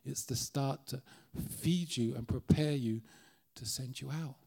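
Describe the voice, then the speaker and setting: A man's voice: medium pitch, unhurried, gravelly, a little mellow, husky. A middle-aged Irish man preaching as a guest speaker in a church, earnest and conversational, often restarting his sentences. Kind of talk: sermon.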